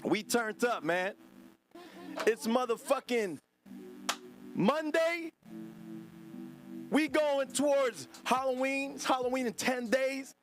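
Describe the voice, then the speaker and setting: A man's voice: very high-pitched, unhurried, over music. A man hosting a livestream podcast, ranting angrily at his chat in a profane, drawling, sing-song way. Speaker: podcast host.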